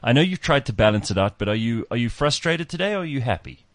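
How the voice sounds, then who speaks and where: A man's voice: mid-range voice, quick pace, dry recording. A man hosting a radio talk show, chatting casually with a caller. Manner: relaxed, chatty interviewer.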